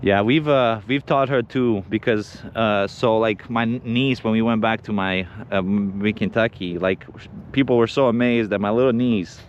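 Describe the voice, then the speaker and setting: A man's voice: on the low side, moderate pace, few pauses, highs cut off, a little hiss or hum. A man chatting casually on an outdoor livestream while training his dog, rambling with restarts and giving short firm commands. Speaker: dog owner and co-host. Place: outdoors in a park.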